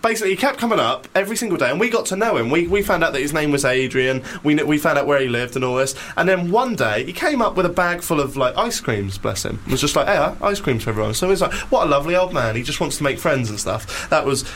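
A man's voice: a little high, animated, fast talker, few pauses, fairly bright tone, a little hiss or hum. Young man telling a rambling story. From Norwich, England. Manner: laughing, rambling, self-deprecating. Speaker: radio co-host. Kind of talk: casual storytelling chat.

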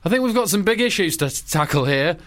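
A man playing an American president, comedy sketch, chummy phone manner, flustered, higher than his usual voice. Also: expressive, quick pace, fairly bright tone. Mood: stern.

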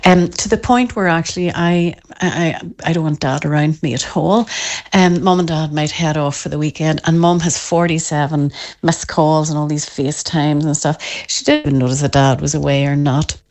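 A woman, a parenting expert giving an interview, who talks in an animated way and often acts out parents' voices. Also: low voice, normal speed. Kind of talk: podcast interview.

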